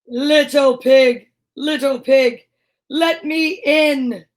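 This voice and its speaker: A woman's voice: high-pitched, fairly even intonation, extremely slow. A woman voicing a hungry, menacing big bad wolf in a storybook reading, growling her lines. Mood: coaxing.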